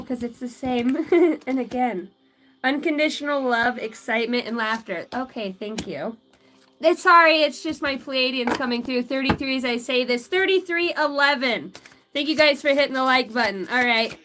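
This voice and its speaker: A woman's voice: sits high, normal speed, a bit bright. A woman doing a live tarot and oracle card reading, giggling often, swearing freely and chatting in asides to her spirit guides.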